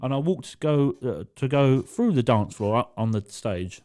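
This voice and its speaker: A young man, co-hosting a podcast in casual chat. He tells stories in an animated way, laughs often and swears freely. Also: mid-range voice, moderate pace. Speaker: podcast co-host.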